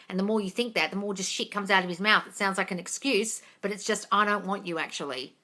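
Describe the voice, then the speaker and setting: A woman answering viewers' questions on a live stream, blunt and sweary, scolding her viewers and swinging from low mutters to loud yelling. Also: a little fast, few pauses. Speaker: manifesting coach answering live chat questions. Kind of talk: blunt livestream Q&A.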